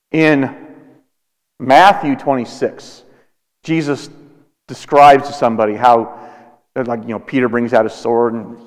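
Pastor, thirties, deliberate sermon delivery with long pauses, big hall reverb. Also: male voice, medium pitch, steady tone. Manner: slow, deliberate preaching with dramatic pauses.

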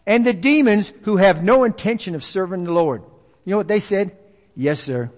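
A man's voice: high-pitched, fairly quick. A man preaching a folksy sermon, acting out the voices of others. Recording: long reverb of a large hall.

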